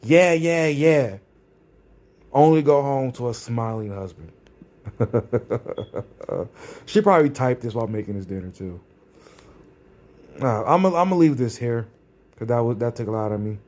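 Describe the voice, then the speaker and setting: A vlogger rants with sarcasm and a combative edge, repeating his phrases for emphasis. He talks fairly quickly in a mid-range, darkish voice with lively intonation.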